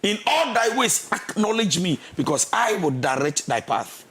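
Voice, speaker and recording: Male counsellor, Ghanaian accent, pitched high, preachy and emphatic, code-switching. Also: sing-song, normal speed. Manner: preachy, mixes English with Twi, emphatic, shouts and sings phrases. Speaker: marriage counsellor. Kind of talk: radio counselling talk.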